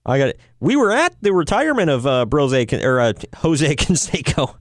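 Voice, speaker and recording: Animated, joking man on a podcast. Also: on the high side, moderate pace, no room sound, studio quality. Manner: jokey, teasing, laughs often. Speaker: podcast co-host. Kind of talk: casual chat.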